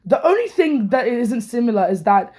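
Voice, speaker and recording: A young woman tells a personal story to camera in a heated, profane rant. She is hoarse from losing her voice and often restarts her sentences. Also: fairly high pitch, big pitch swings, moderate pace, warm tone.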